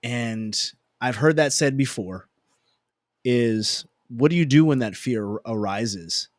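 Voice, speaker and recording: A man in a relaxed podcast chat tells a story with lively, emphatic repeats and jokes at his own expense. His voice sits at an ordinary middle pitch for a man. The recording is dry and close, with no room echo. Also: slow pace. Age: adult parent. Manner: animated, emphatic repetition; self-deprecating humor. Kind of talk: casual conversational storytelling.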